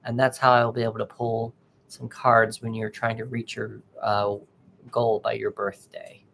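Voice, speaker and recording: A man hosting a tarot livestream, chatting casually and haltingly with viewers and greeting them by name. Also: medium pitch, completely flat delivery, creaky, fairly bright tone, slight background noise.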